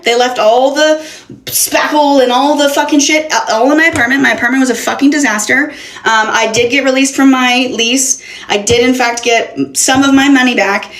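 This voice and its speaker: A woman's voice: high voice, normal speed, fairly bright tone. A young woman telling an exasperated, profanity-laced story in a casual storytime. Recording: roomy echo.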